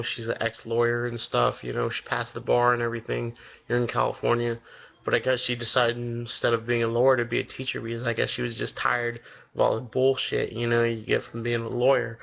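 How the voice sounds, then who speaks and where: A young man of eighteen talks straight to his audience in a loose, wandering vlog ramble, full of "like" and "you know" and casual swearing. His voice has a gravelly fry to it, and the audio sounds dull and lo-fi, like a cheap home setup. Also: medium pitch. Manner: rambling, loose and profane, many fillers. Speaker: vlogger.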